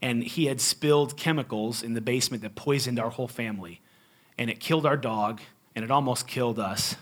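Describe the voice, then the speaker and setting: A male pastor preaching in a conversational storytelling style, animated and joking, with emphatic swings between loud and quiet. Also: medium pitch, a little fast. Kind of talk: storytelling sermon.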